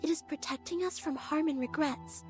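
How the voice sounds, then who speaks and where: A woman's voice: high-pitched, normal speed, soft background music, natural voice. A woman voicing an earnest young female student in a game who recites her school's rules. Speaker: game character, Sonetto.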